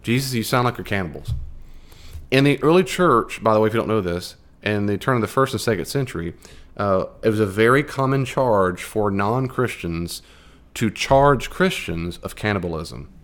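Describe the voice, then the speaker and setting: A man teaching a Bible class in a conversational, animated way, with fillers and restarts. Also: on the low side, normal speed.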